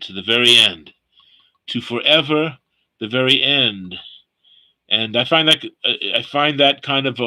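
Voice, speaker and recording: Man teaching scripture, very bright voice, repeats phrases, slow explanations. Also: medium pitch, poor audio. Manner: explains word meanings slowly, repeating phrases. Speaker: Bible study leader. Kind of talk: teaching a scripture study session.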